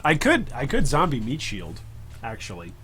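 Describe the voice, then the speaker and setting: A man's voice: mid-range voice, wildly swooping pitch, moderate pace, sharp tone, breathy edge. Rambling man streaming a game. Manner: thinks aloud, rambling self-talk with chat asides. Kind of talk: casual live game commentary.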